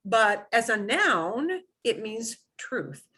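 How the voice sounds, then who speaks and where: A woman's voice: fairly high pitch, big pitch swings, extremely slow, bright, forceful tone, slightly rough. A woman teaching a beginners' Spanish class, explaining pronunciation patiently and repeating words for students to echo.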